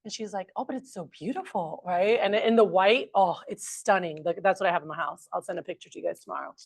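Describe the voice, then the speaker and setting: A woman's voice: lowish voice, fast talker, vocal fry, dry recording. A woman leads a training session in a chatty, upbeat way. She talks straight to a room full of trainees. Her voice sits close and dry, with almost no room sound. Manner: chatty, upbeat, addresses the group as "you guys". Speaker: sales trainer. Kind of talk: training a group. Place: meeting room with a large group.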